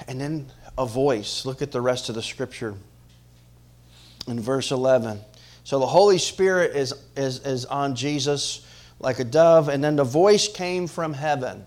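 Here a male pastor preaches at normal speed in a medium-pitched voice. He moves between forceful, loud rises and soft drops, regularly asking his congregation questions.

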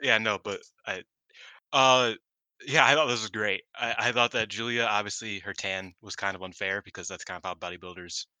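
A man co-hosting a podcast in casual chat, excited and laughing as he talks. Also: fairly low pitch, brisk, no echo. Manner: excited, laughing, swearing freely. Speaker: podcast co-host.

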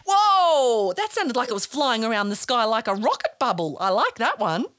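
A woman hosting a children's podcast in a sing-song, encouraging way, leading gentle breathing exercises. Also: fairly high pitch, sing-song, a little fast, no room sound, studio quality.

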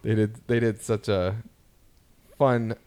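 With a lowish, clear and resonant voice, a man in his thirties takes his time telling family stories as a podcast co-host. The chat is casual, and he livens it up by acting out his kids' words.

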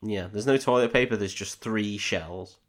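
A man's voice: lowish voice, moderate pace. Sweary man recapping a film. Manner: crude, sweary, laughing storytelling. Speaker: podcast co-host.

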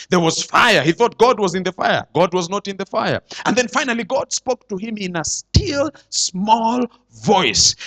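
A man preaching a sermon to his church, swinging between loud declarations and hushed asides. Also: high voice. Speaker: pastor.

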